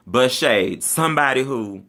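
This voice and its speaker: A man telling a funny personal story in a casual, sassy way, laughing often and jumping between loud outbursts and quiet asides. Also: mid-range voice, expressive, unhurried.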